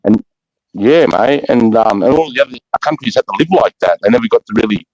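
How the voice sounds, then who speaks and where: A middle-aged Australian man, a former soldier, telling war stories in casual, rough-spoken chat, swearing freely and trailing off into fillers. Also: medium pitch, expressive, a little fast, a little mellow, dry recording, dull audio. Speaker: army veteran guest.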